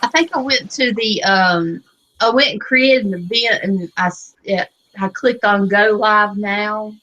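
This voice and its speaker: A woman's voice: mid-range voice, measured pace, sharp tone, muffled recording. A woman in a casual group chat, laughing at herself as she explains what she did. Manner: giggly, self-deprecating.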